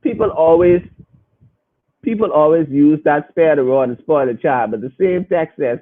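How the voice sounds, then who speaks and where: A man hosts a podcast, talking casually and emphatically to his listeners and circling back over his phrases. His voice sits a little high and comes across husky. It plays back thin and tinny, like a phone line. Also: animated, moderate pace. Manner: emphatic, repeats and restarts phrases. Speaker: podcast host.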